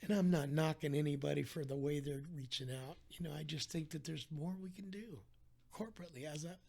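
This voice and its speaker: A man's voice: a little high, brisk, creaky, darkish tone. A man talking as a podcast guest, telling his story in an earnest, heartfelt way with frequent restarts. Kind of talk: candid conversational storytelling.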